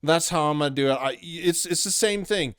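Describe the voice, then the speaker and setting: Man with a smooth voice giving rambling commentary. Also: fairly high pitch, a little fast, fairly bright tone, no room sound, studio quality. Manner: rambling, opinionated, full of fillers. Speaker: commentary channel host. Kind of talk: commentary monologue.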